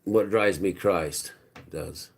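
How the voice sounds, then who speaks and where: A man in his fifties with a very low voice talks loosely to his livestream chat. He wanders from point to point and often drops into quiet mutters. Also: slow pace. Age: 50s. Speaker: livestream host. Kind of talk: rambling live-stream chat with viewers.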